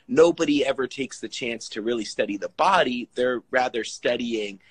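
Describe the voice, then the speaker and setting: In a low-quality recording with no echo, a fitness coach of Italian heritage chats in an interview, his mid-range voice slightly rough and moderately paced. He rambles, animatedly acting out other people's words as he tells his stories.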